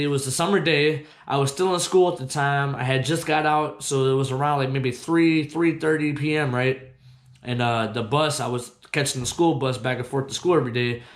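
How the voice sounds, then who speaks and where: A young man hosting his own show, telling a story from his childhood in casual, profane, animated talk that gets loud when he quotes himself. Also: mid-range voice, echoey room. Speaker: host.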